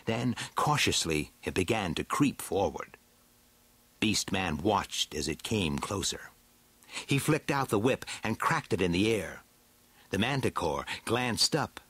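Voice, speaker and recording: A man reading a storybook aloud with a slow, dramatic, swooping delivery. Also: on the low side, fairly bright tone, slightly rough, dry recording. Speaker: narrator.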